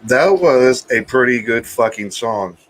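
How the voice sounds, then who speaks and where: A man's voice: medium pitch, expressive, a little slow, fairly bright tone. Stammering joking man on a live stream. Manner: stammering, repeats words, joking and crude. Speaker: co-host of a live music chat stream. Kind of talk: casual banter.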